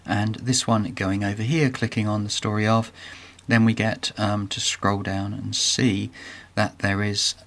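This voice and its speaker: A man's voice: fairly low pitch, level tone, unhurried, vocal fry, fairly bright tone. A middle-aged man hosting a casual screen-share walkthrough, talking chattily and with enthusiasm, with frequent ums and restarts. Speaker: video host.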